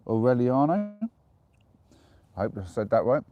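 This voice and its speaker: An English man chatting casually on a live stream from the dark woods at night, giggling as he reads out viewer jokes. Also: medium pitch, very animated, a little slow, narrow, tinny audio. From England.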